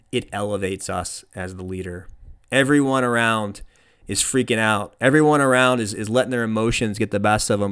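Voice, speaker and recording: A man's voice: lowish voice, fairly bright tone, smooth. A young man giving an earnest motivational talk on leadership, often repeating phrases for emphasis. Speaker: leadership speaker.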